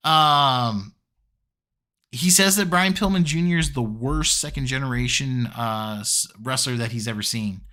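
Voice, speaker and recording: Bright-voiced man reviewing wrestling casually. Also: mid-range voice, unhurried. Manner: chatty, filler-heavy, laughs easily. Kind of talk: casual solo commentary.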